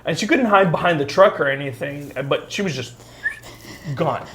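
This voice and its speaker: A man telling a spooky story in casual chat, animated and full of fillers, while a makeup effect is applied in a studio. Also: a little high, normal speed. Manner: animated, filler-heavy storytelling with acted quotes. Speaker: storyteller and co-host.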